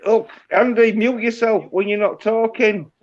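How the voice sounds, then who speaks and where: A man's voice: high-pitched, steady tone, a little slow. A man chatting casually on a livestream call, blunt and swearing. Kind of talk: casual chat. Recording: dull lo-fi call audio.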